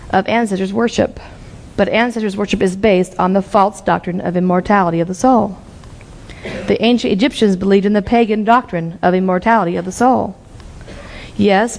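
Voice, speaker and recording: A woman's voice: mid-range voice, darkish tone. A middle-aged woman preaching an earnest Bible-teaching sermon, reading scripture passages aloud.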